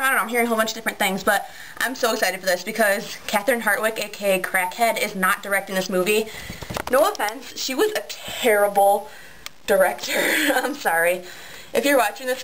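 A teenage girl chatting excitedly on a webcam vlog, giggly and filling her talk with um and like. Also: on the high side, a little hiss or hum, low-quality recording. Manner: bubbly, giggly, many ums and likes. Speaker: vlogger. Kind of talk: excited casual vlog chat.

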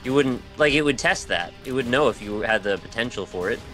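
A man's voice: mid-range voice, expressive, fairly quick, fairly bright tone, faint music behind. Dry teasing man, gaming chat. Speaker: streamer co-host.

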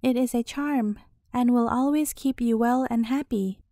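A woman's voice: a little high, unhurried, dark tone, no echo, clean studio sound. Woman reading as a kind sea fairy. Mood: soothing. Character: kind gentle foam fairy.

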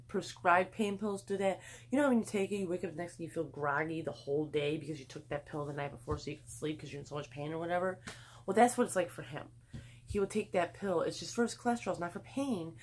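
Chatty rambling woman vlogger, slightly low voice. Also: a little mellow, slight background noise. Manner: rambling, chatty, swears freely. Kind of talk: casual haul vlog chat. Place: home, indoors.

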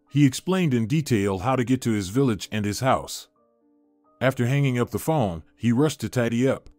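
Male storyteller, lively intonation, dry booth with faint music. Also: mid-range voice, normal speed, no echo. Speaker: narrator. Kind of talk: scripted narration. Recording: dry studio voice-over with soft music.

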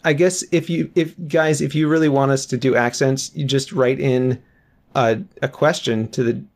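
Guy co-hosting a podcast, relaxed chat, dry jokes, plain mid voice. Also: medium pitch, moderate pace. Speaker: podcast co-host. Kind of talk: casual chat.

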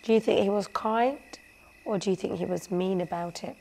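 A woman storyteller reading a bedtime story aloud, gently pausing to ask listeners questions. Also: mid-range voice, creaky, a little hiss or hum.

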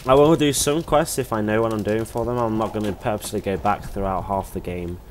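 A man's voice: on the low side, brisk, slight background noise. A man doing let's play commentary, sarcastic and swearing, with bursts of alarm. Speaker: gameplay commentator. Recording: game music playing underneath.

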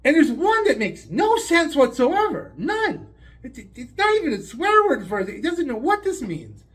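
Animated man in his fifties telling a joke. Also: extremely high pitch, moderate pace. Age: 50s. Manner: animated, rambling storyteller. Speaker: storyteller. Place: hotel room.

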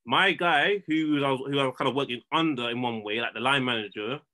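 A man's voice: mid-range voice, fairly quick. A man, telling a story as a podcast guest in casual, slangy chat, often restarting his words. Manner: slangy, repeats and restarts words, animated retelling.

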